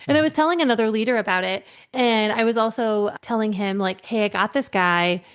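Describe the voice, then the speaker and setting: A woman's voice: a little high, moderate pace, few pauses. A middle-aged woman, a leadership coach, telling workplace stories in a podcast interview and acting out the people she quotes. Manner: animated storyteller, acts out quoted voices.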